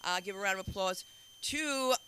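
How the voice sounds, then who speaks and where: A woman runs a live comedy night, her tone piercingly bright. She rambles and doubles back in loose, chatty storytelling, far from scripted. A faint hiss of the room sits behind her. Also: medium pitch, lively intonation, moderate pace. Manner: rambling, self-interrupting storytelling. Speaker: comedy show host. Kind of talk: stand-up emcee banter.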